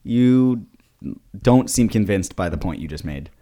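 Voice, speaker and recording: Deadpan low-voiced male podcast co-host. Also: a little slow. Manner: dry, teasing, deadpan. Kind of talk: casual comedic chat.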